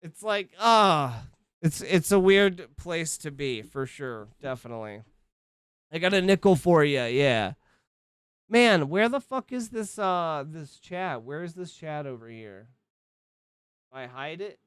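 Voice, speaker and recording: A man's voice: fairly high pitch, expressive, takes it slowly, a bit bright, clean tone, no room sound. A man in his thirties chatting casually on a livestream from his home setup, rambling, swearing and cutting himself off mid-thought. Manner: rambling, profane, self-interrupting. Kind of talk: casual stream chat.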